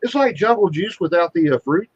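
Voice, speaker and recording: Man, foul-mouthed storyteller, casual chat, higher voice, dry muffled sound. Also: lively intonation, a little fast, a little mellow, breathy edge, no room sound. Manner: crude, rambling, swears constantly. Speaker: guest being interviewed.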